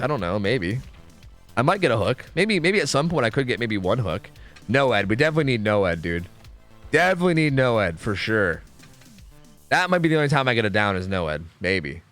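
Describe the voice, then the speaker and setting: A man's voice: mid-range voice, a bit bright. A young man streaming a game, rambling to his chat, swearing and second-guessing himself. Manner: rambling, self-questioning, swears freely. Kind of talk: casual gaming stream chat.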